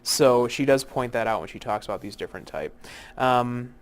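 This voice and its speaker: A man teaching poetic meter in an unscripted lecture, with many fillers and restarts, slowing down to spell out terms. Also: medium pitch, animated. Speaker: literature instructor. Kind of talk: recorded lecture.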